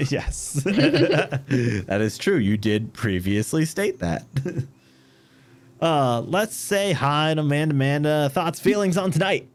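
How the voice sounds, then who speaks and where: A man's voice: a little high, expressive, slow pace. A man hosting a tabletop game as game master, chatting with his players after the session and laughing often. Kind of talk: post-session chat with players.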